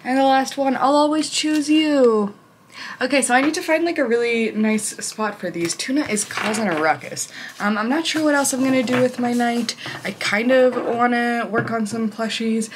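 A woman's voice: moderate pace, noisy background. A young woman chatting casually in a vlog at home, gushing over things and using lots of fillers. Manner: gushing, filler-heavy, reads card captions aloud; high baby talk to her pet. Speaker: vlogger.

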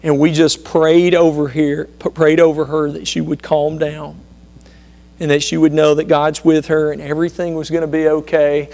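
Earnest storytelling preacher, higher-pitched man. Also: completely flat delivery, normal speed, vocal fry, darkish tone. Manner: earnest, conversational, many restarts. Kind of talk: sermon storytelling.

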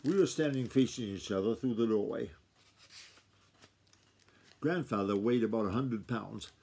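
Low, husky older man reading aloud. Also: measured pace. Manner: relaxed, conversational, with asides. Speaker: reader.

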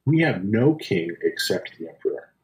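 A man reading the lines of hostile temple leaders in a low, blunt voice during a church Passion reading. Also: sing-song, normal speed. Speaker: scripture reader. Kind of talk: dramatic scripture reading. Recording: roomy church from a distance.

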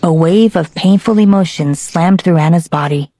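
Woman audiobook narrator: low, dark, gravelly, steady delivery. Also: moderate pace, no echo. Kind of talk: scripted narration.

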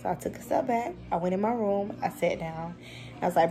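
A woman talks to her viewers at home in a casual vlog. She tells her stories in an animated, expressive way and keeps calling her audience y'all. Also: lowish voice, a little fast, soft background music. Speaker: vlogger, mother of two.

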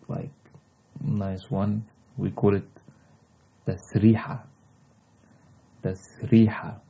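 Egyptian guy teaching words slow, repeats everything, husky low voice, kinda muffled recording. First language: Egyptian Arabic. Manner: repeats each word several times, drawn-out and patient. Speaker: language teacher. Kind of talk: slow vocabulary lesson with repetition.

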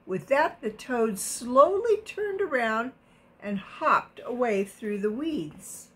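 A woman reading a picture book aloud to children, gently stopping to explain words and ask questions. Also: a little high, expressive, slow pace. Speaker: storybook reader.

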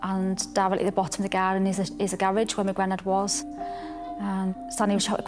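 A young woman tells her story as a bereaved mother, steadily and plainly, quoting what each person said. Her pitch stays narrow and level. Soft music runs underneath. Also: fast. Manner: plain, steady storytelling full of quoted speech. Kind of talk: recounting a personal tragedy.

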